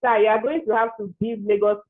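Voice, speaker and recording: A woman's voice: mid-range voice, steady tone, fast talker. A woman hosting an online interview, offering brief encouraging affirmations. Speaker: webinar host. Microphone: video call. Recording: tinny phone-like line with faint noise.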